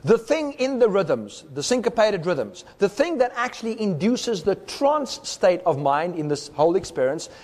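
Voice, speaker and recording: A man's voice: high voice, sing-song, moderate pace, hardly any pauses, a little mellow, big-room sound. A man giving a recorded teaching talk, explaining step by step and sounding out rhythms with his voice. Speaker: speaker.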